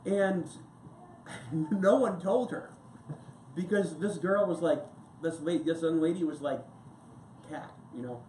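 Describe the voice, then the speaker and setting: Pastor preaching in an echoey church. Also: male voice, fairly high pitch, slow pace, pauses often, darkish tone, a little hiss or hum. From United States. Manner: conversational, rambling preaching with anecdotes and asides. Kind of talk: sermon. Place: church sanctuary. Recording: echoey church room with faint ambience.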